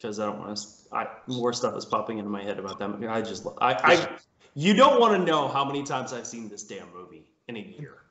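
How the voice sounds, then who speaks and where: A man's voice: mid-range voice, lively intonation, a little fast, fairly bright tone. A man on a podcast, chatting casually with wry, dry jokes. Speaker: podcast co-host. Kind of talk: casual chat. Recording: echoey muffled room sound.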